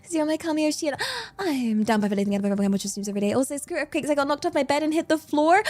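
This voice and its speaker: A woman's voice: high voice, fast, darkish tone, faint music behind. A young British woman streamer chatting casually with her viewers, bubbly and giggly as she reads out the chat. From Britain.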